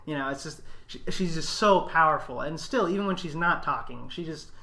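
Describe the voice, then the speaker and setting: Man, podcast host, enthusiastic, bright tone, a bit higher pitched. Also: lively intonation, a little fast. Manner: enthusiastic, emphatic. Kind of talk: casual film discussion.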